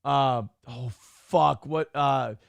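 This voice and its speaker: A man's voice: mid-range voice, steady tone, very slow, gravelly, clean tone, dry recording. A man co-hosting a morning show, riffing in profane, joking casual banter.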